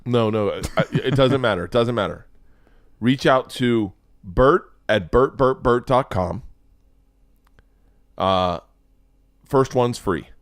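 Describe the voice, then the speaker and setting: A man hosting a show, giving sarcastic, profane running commentary on videos in an animated way. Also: medium pitch, slow, pauses often, dry recording, clean studio sound. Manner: animated, sarcastic, swears a lot. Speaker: show host.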